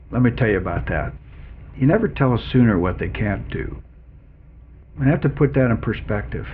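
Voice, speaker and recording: A man's voice: medium pitch, gravelly. An older man being interviewed, telling a long story about his working life and acting out the other people in it. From Canada and Colorado. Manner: animated storyteller who quotes other people in dialogue. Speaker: interviewee, former chief executive. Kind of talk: oral history interview storytelling. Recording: phone-like narrow band with faint noise.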